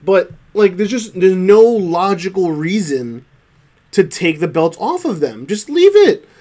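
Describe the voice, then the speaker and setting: A man co-hosting a casual wrestling recap podcast, reading results and then ranting with animated, exasperated jumps in pitch. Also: unhurried. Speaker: podcast co-host.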